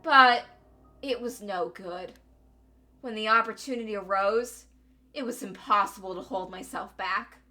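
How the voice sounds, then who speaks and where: A woman's voice: mid-range voice, measured pace, pushed and bright, soft background music. A woman voicing a vengeful male ex-convict from a game, taunting and sneering with mock sweetness that turns to snarling threats. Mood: mock-sweet. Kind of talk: reading a game aloud with voices.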